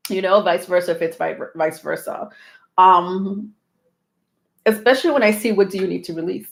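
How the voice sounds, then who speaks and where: A woman's voice: on the low side, steady tone, moderate pace, creaky. Chatty woman reading tarot, echoey room. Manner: chatty, laughs often, lots of fillers. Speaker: tarot reader. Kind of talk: live-stream tarot reading.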